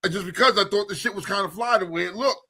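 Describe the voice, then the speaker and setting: A man from New York City co-hosting a radio talk show, bantering in an animated, slangy way and cutting in to tease his co-host. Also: high voice, fast, slightly rough. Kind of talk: casual banter.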